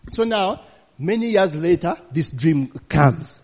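Male preacher, a touch high-pitched, loose and laughing as he tells stories to the congregation, church hall with reverb. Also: lively intonation, slow pace, darkish tone. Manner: chatty, laughing, peppers lines with "you know, eh?". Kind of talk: storytelling sermon.

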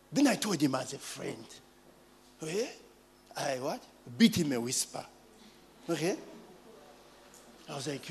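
Ugandan man, preacher, forties, high voice, unhurried, animated storytelling. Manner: animated storytelling, call-and-response asides. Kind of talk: sermon with personal stories.

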